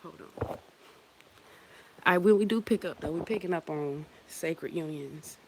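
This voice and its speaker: A woman's voice: low-pitched, takes it slowly, darkish tone, a little hiss or hum. A woman hosting a casual spiritual livestream, talking in a loose, heartfelt, profane way, often stopping and starting again. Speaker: livestream host.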